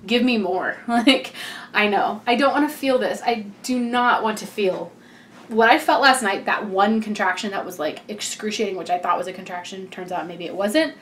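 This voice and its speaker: A woman's voice: mid-range voice, moderate pace, slight background noise. Chatty, laughing pregnant woman. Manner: chatty, rambling, laughs often. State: heavily pregnant. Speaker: vlogger. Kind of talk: casual pregnancy update vlog.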